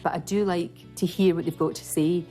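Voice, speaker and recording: A woman's voice: lowish voice, fairly even intonation, a little fast, dark tone, faint music behind. A middle-aged woman with a working-class Glasgow accent, chatting through memories of her TV career in a documentary interview. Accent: Glasgow Scottish. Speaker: TV presenter.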